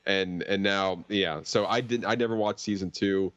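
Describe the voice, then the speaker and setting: A man's voice: deep voice, moderate pace, fairly bright tone, smooth, no echo. Laid-back man on a dull, dry mic. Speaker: podcast panelist. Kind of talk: casual podcast chat.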